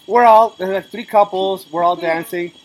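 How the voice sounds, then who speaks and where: A man as a podcast guest, telling a crude, animated story in casual chat. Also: high voice, normal speed, rough recording.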